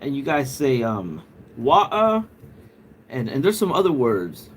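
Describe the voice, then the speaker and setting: Reading viewer comments on his livestream, this host keeps things casual and jokey, laughing often and putting on a British accent. He speaks in a mid-range, sing-song voice that's a little mellow and bald in quality, at a moderate pace, with a little hiss or hum.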